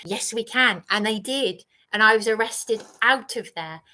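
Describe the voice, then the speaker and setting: A woman's voice: fairly high pitch, unhurried, bright, forceful tone. A woman ranting angrily on a livestream, accusing and repeating herself. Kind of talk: angry livestream rant.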